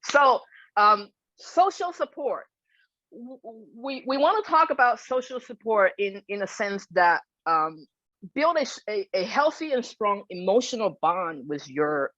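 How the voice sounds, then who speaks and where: A woman dog behavior consultant explaining pet handling in an animated way during an educational webinar, heard over a video call. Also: mid-range voice, a little slow, no room sound. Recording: dull dry video-call audio.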